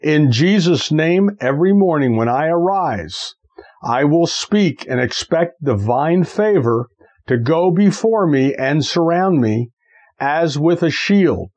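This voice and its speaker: A husky male preacher with a raised, lively pitch that swoops up and down as he exhorts his listeners. He speaks in an unhurried, deliberate way, leading the congregation through declarations of faith with fervent conviction. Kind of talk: sermon with spoken decrees.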